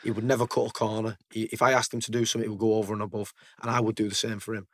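A man's voice: fairly low pitch, little pitch movement, racing, no echo, studio quality. Blunt man telling war stories. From United Kingdom. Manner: blunt, swears freely, repeats words as he goes. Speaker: guest, military veteran. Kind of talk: casual storytelling in conversation.

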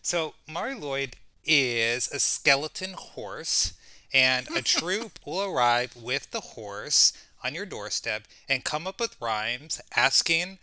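Podcast co-host, male, wisecracking and sarcastic, very bright crisp tone, dry close sound. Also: medium pitch, expressive, slow pace, no room sound. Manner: joking, sarcastic, reads notes aloud. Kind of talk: casual podcast chat.

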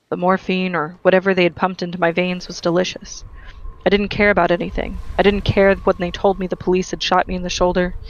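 Gravelly, flat-toned audiobook reader. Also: medium pitch, highs cut off. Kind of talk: first-person novel reading.

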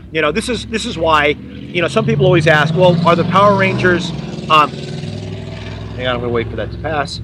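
A man who is an actor, guest on an interview podcast, telling stories in an animated, theatrical way and putting on voices. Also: fairly high pitch, normal speed, a little hiss or hum. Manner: excitable, theatrical, mimics voices. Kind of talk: animated storytelling in conversation.

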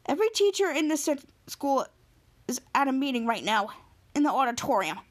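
A woman repeating the lines of a teenage school bully who picks fights. His words are blunt and threatening, delivered in a flat, steady way. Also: high-pitched, moderate pace.

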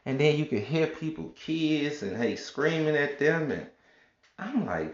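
A man tells a work story in a casual, slangy monologue. His gravelly voice swings widely in pitch as he goes. The sound is roomy and dull. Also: unhurried. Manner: slangy, animated, lively storyteller. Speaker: customer service agent and supervisor.

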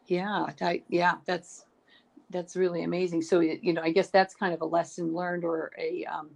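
A middle-aged woman hosts a casual podcast interview in a fairly low, level voice that is gravelly and darkish, at normal speed. She's encouraging and thinks aloud, restarting her sentences often.

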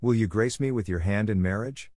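A man's voice: on the low side, brisk, darkish tone, dry recording, studio quality, natural voice. A man voicing a brawny fairy-tale duke who speaks in a grand, courtly way.

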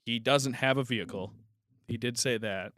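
A man's voice: medium pitch, normal speed, fairly bright tone. A man co-hosting a loose podcast conversation, telling a rambling story full of restarts and crude humor. His voice sits in a medium range. The sound is dry and close, with no room echo. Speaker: podcast co-host. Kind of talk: casual chat.

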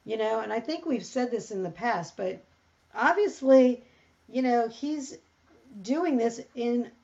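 A woman talking through a Bible passage in casual conversation, reading verses aloud and thinking out loud. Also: on the high side, measured pace, dull audio. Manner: thinks aloud, reads scripture, animated when surprised. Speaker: Bible study co-host. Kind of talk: casual Bible study discussion.

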